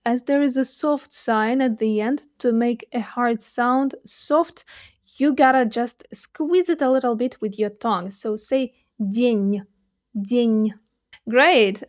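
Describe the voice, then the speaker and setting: A woman gives a language lesson at an unhurried pace, her voice pitched a touch high. She lays out each pronunciation point clearly and models the example phrases slowly and with careful articulation. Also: a little mellow. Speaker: Russian teacher. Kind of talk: language lesson with shadowing drills.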